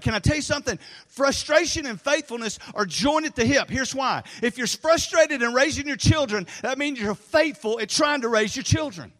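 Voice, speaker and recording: A middle-aged man preaching a sermon in a high, bright-toned voice. He tells stories in a rambling, animated way and drops low for his asides. A long reverb from a big church hall trails each phrase. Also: normal speed, hardly any pauses. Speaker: pastor. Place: church sanctuary.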